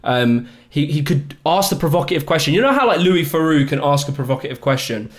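A man's voice: on the high side, expressive, a little fast. A British man chatting casually as a podcast guest, rambling a bit and laughing often. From Britain. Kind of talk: casual chat.

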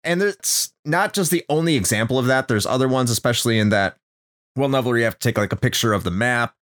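A man's voice: mid-range voice, quick pace, fairly bright tone. A man co-hosting a casual game discussion, ranting in an exasperated way and swearing often. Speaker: podcast co-host.

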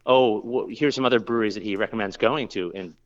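A man's voice: fairly low pitch, fast talker, muffled recording. A man who works as a brewer, telling a long story in a casual interview, rambling with lots of fillers and restarts.

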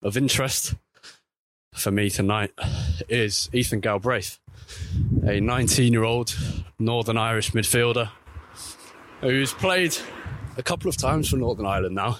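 A man reporting on football while walking outdoors, chatting casually and correcting himself as he goes. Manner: chatty, self-correcting, lively pitch swings. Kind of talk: walking vlog commentary. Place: outdoors by a street.

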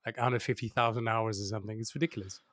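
A man giving candid advice as an interview guest, lively and laughing, often acting out the doubting voices he quotes. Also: lowish voice, racing, no room sound, clean studio sound. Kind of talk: casual interview conversation.

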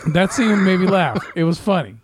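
A man's voice: high voice, animated, moderate pace, a little hiss or hum. Easygoing, laughing man chatting about movies. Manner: laughs easily, stammers, says man a lot. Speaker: movie review podcast co-host. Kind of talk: casual banter.

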